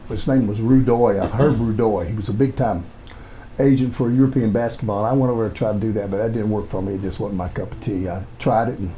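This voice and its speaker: A man's voice: mid-range voice, warm tone, slight background noise, low-quality recording. Folksy older Kentucky man, rambling tales. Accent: Southern US, Kentucky. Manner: folksy, rambling, repeats words. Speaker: guest, retired pro wrestler. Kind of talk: casual storytelling chat.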